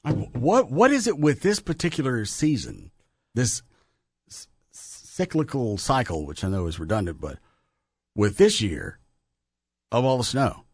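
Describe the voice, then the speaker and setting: Lively rambling radio host man. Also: mid-range voice, a little slow, pauses often, breathy edge, no room sound, studio quality. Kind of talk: casual chat.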